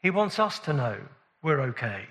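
A man's voice: on the high side, sing-song, moderate pace. A man preaching a sermon in a conversational way, often restarting phrases, in a church. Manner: conversational, warm-humored, with frequent restarts. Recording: long hall reverb.

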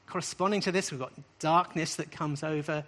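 A man's voice: fairly high pitch, steady tone, fairly quick, fairly bright tone. Emphatic man preaching, repeating key phrases. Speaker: preacher teaching on scripture. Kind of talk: sermon-style teaching.

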